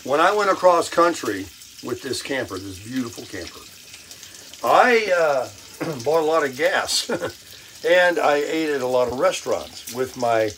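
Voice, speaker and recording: An older man chats cheerfully to his phone on a selfie stick while bacon sizzles faintly nearby. His voice sits at an ordinary middle pitch but is a little hoarse, and he keeps clearing his throat. He talks in a loose, self-amused way from a small camper kitchen. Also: sing-song, unhurried, fairly bright tone, a little hiss or hum, low-quality recording. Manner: upbeat, chatty, self-amused. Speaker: vlog host. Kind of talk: casual chat while cooking. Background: bacon frying.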